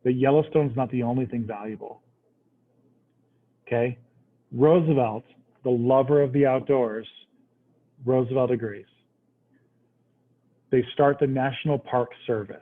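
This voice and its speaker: A man's voice: mid-range voice, unhurried, pauses often. A man teaching a history class in a casual, conversational way, often checking in with the students. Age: adult, past military service. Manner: conversational, checks understanding with "right?". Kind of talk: classroom lecture. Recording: tinny phone-like recording.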